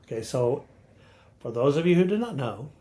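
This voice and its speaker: A man's voice: medium pitch, very animated, moderate pace, dark tone. Teacherly older man explaining poetry. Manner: teacherly, recites verse rhythmically, asks rhetorical questions. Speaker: podcast co-host, literature scholar. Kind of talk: casual explanatory chat.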